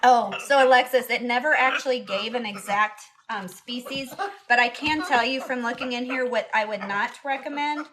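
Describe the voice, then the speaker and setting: A woman's voice: a little high, moderate pace, crowd noise. A young woman chatting casually on a live stream, cooing baby talk to her pet bird between answers to comments. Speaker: parrot owner live streamer.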